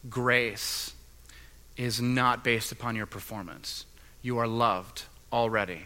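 A man's voice: medium pitch, steady tone, takes it slowly, bright, forceful tone. A man preaching a sermon as pastor, with an earnest delivery that builds in intensity. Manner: earnest and building, with mimicked voices.

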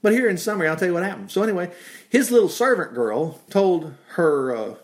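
Animated preacher man, lively pitch. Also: a little fast. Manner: animated, with frequent asides and exclamations. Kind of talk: conversational Bible teaching.

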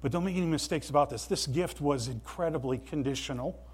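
A man preaching a sermon in a church, earnest and emphatic, with deliberate pauses. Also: a little high, breathy edge. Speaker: pastor.

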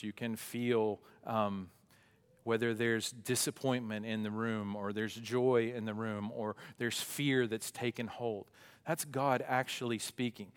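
Man preaching in a reverberant hall. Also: medium pitch. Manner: conversational, with asides and self-corrections. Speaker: pastor. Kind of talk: sermon.

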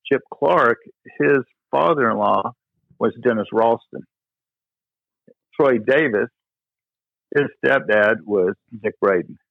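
Middle-aged man, tennis pro guest, casual storytelling, rambling with restarts, gravelly voice, phone-quality sound. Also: mid-range voice, takes it slowly, long pauses, no echo. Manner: rambling, with frequent "you know" and restarts. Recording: dry, tinny phone-like line.

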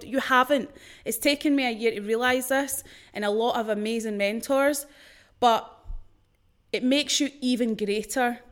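Young female podcast host, a business coach; blunt, profane pep talk delivered in a slightly high voice. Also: a bit bright. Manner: blunt, swears freely, pep-talk energy. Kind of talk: motivational podcast monologue.

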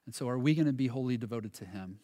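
A pastor with a medium-pitched voice preaches earnestly but haltingly, often restarting his words. His sermon shifts between quiet and louder passages.

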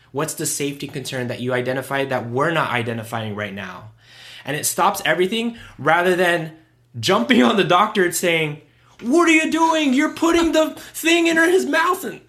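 A man's voice: fairly high pitch, fairly bright tone. A young adult man co-hosting a podcast, talking in an earnest, self-reflective casual way with frequent fillers. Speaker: podcast co-host. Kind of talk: casual chat.

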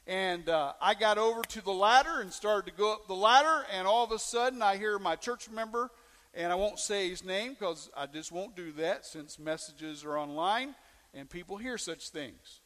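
Male pastor mid-sermon, folksy, asks the room questions; high voice, echoing church hall. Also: normal speed, sharp tone. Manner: folksy storytelling with questions to the congregation.

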